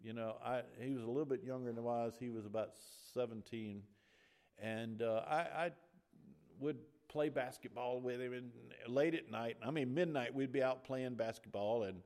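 Man, middle-aged, preaching a sermon, church, animated, swells louder on emphasis, halting restarts. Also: mid-range voice. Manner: animated, rising loud on emphasis, restarts and fillers.

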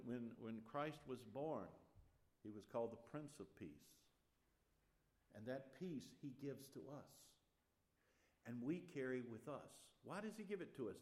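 A middle-aged man preaching a sermon in a church, his voice climbing and growing loud on key points, with many restarts and fillers. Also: medium pitch. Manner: animated, rising loud on emphasis, restarts and fillers.

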